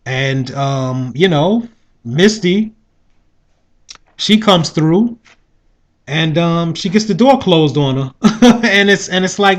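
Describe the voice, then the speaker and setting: A man's voice: on the high side, expressive, slow, long pauses. A man giving a casual, rambling spoken review of a show, often asking "you know what I mean". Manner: rambling, with frequent 'you know what I mean'.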